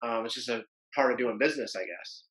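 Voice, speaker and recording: A man's voice: medium pitch, fast talker, a bit bright, rough recording. A man hosting a podcast, musing aloud in a loose, conversational way. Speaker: podcast host. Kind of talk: casual interview.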